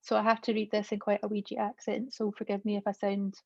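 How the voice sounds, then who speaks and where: A woman, the author, talks about her novel at a launch event in a chatty way full of fillers. Her voice stays flat and even. The sound is dull, lo-fi, and dry. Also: mid-range voice, fast, creaky, no echo.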